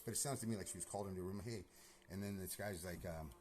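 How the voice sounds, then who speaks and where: A man's voice: sits low, rapid-fire, darkish tone, soft background music. A man telling a long, agitated personal story in a rambling monologue, full of swearing, repeated words and fillers. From California. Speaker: vlogger.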